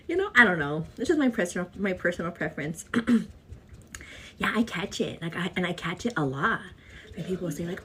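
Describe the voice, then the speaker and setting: A chatty young woman vlogging casually while doing her makeup, laughing often and quoting herself in a higher voice. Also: big pitch swings, brisk, fairly bright tone, a little hiss or hum.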